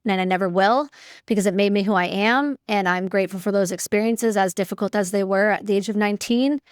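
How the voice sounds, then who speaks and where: A woman's voice: mid-range voice, fast, no room sound, studio quality. Candid woman telling her story. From Canada. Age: 30s. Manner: candid, chatty, fillers like "like" and "you know". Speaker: guest, military veteran. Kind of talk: casual interview storytelling.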